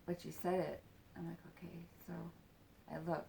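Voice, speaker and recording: A woman's voice: lowish voice, level tone, normal speed, vocal fry, mellow, slight background noise. A woman in her forties telling a personal story in a casual, rambling way, with lots of fillers and swearing. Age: 40s.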